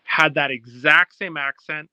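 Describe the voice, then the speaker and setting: A man's voice: fairly high pitch, fairly even intonation, measured pace, bright, forceful tone, no room sound. A man with a Canadian accent, friendly and chatty, talking as a guest on a video call. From Ontario, Canada. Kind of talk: casual video call chat. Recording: dull lo-fi video call audio.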